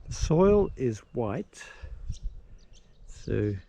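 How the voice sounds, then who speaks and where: A man narrating a casual travel vlog outdoors at a campsite, unhurried and rambling with pauses and fillers. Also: mid-range voice, sing-song, gravelly, dark tone, dull audio. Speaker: travel vlogger.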